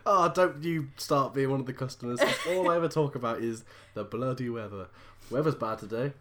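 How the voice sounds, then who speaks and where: A man's voice: medium pitch, fairly quick, fairly bright tone. A man, co-hosting a casual podcast chat, teasing his co-host and laughing often. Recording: noisy background.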